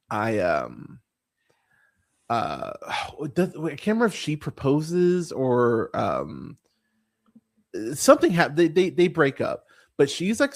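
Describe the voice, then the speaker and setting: A man hosting a movie podcast, ranting casually about a bad film, swearing often and stumbling through fillers and restarts. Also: medium pitch. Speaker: podcast host. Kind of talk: casual movie review rant.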